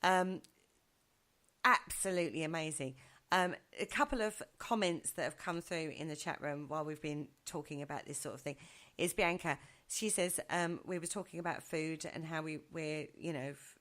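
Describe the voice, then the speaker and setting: Woman, low and bright voice, chatty studio guest who acts out quotes. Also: moderate pace. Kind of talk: casual radio chat. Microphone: studio microphone.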